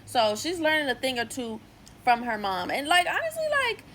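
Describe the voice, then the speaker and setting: A young woman casually recapping a TV episode, chatty and full of "like" and lively asides. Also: high-pitched, normal speed, a little hiss or hum, low-quality recording. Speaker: TV series reviewer. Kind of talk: casual episode review vlog.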